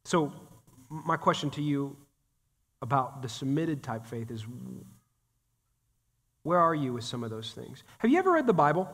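Man, pastor, sermon, high-pitched voice, conversational and joking, talks straight to the congregation, long church-hall reverb. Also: very animated, moderate pace, pauses often, fairly bright tone. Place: church sanctuary.

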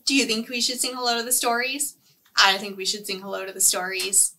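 A woman librarian leading a children's storytime, sing-song and animated as she speaks to young kids. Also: fairly high pitch, brisk, far from the mic.

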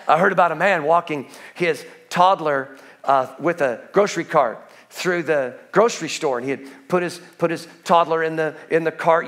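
High-voiced emphatic man preaching. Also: fairly bright tone. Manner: earnest, emphatic preaching with slowed stressed phrases. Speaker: pastor. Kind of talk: sermon.

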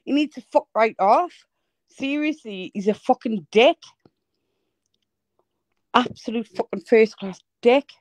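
A woman with an Irish accent hosting a livestream call, teasing her guests and cursing freely in quick-fire casual banter. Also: fairly high pitch, dry recording, low-quality recording. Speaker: livestream host.

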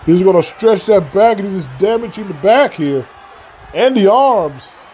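A man giving excitable play-by-play commentary on a wrestling video game, repeating phrases and breaking into shouts at big moves. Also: high voice, measured pace. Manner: repeats phrases and restarts mid-call. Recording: loud game crowd and noise behind. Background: video game arena crowd noise.

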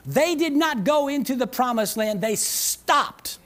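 A woman's voice: high voice, lively intonation, a little slow, fairly bright tone. A woman pastor preaching a sermon at a church service. She is emphatic, repeats key phrases, calls out to the congregation for a response, and slips in playful asides with a chuckle.

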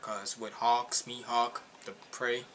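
A man with a non-native English accent hosting a casual reaction video, chatty and excitable, laughing often. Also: mid-range voice, slow pace, slight background noise.

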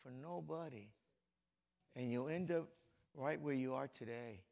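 A middle-aged man preaching a lively, folksy sermon as a pastor, joking with the congregation and swinging between soft and loud. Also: mid-range voice, a little slow, creaky. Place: church sanctuary before a congregation.

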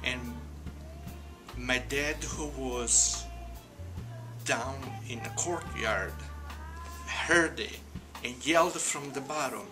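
Guy from naples telling a story, laid back, lots of uhs, music behind. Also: mid-range voice. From Naples, Italy. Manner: relaxed, many fillers, drawn-out emphasis. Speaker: vlogger. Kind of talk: casual storytelling.

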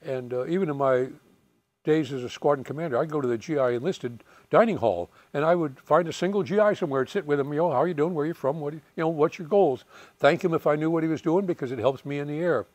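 Older man, lively war storyteller. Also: a little high, quick pace, dry recording. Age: 80s. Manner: lively storyteller, chuckles, acts out quoted voices. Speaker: retired fighter pilot telling war stories. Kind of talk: storytelling anecdotes.

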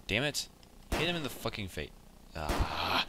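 A man's voice: low-pitched, very animated, unhurried, heavy background noise. A young man giving casual let's play commentary, swearing often and muttering at the game in frustration.

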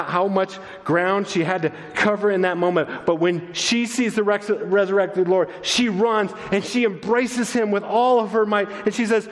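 A man preaching a sermon as pastor, moving between excited, raised passages and soft, hushed ones. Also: high-pitched. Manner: expressive, swings between loud excitement and soft hushed tones. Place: church sanctuary. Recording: long church reverb.

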